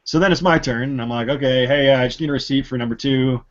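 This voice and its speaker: A man telling stories in casual podcast chat, swearing a lot and getting loud and indignant. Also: medium pitch, fast talker, slight background noise. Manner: ranting storyteller, swears often, gets loud and indignant. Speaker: podcast co-host. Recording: dull lo-fi sound.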